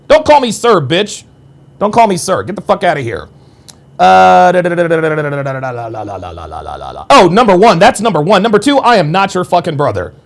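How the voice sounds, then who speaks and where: A man hosting a live-stream podcast, reading viewer chat aloud and firing back in a combative, profane way. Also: vocal fry. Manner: combative and profane, swings between low mutters and sharp high outbursts.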